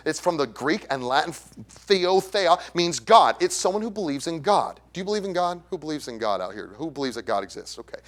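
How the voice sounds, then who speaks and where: A man's voice: on the high side, fairly bright tone. A man preaching an evangelistic sermon in a church, who asks the congregation questions and acts out the voices of others. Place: church sanctuary.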